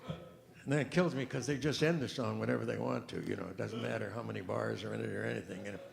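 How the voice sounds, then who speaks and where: A man doing rambling stand-up comedy with a deadpan delivery, recorded live on stage. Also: on the low side, fast, creaky. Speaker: comedian and pianist. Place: large event hall on stage. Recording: echoey hall, live stage mic.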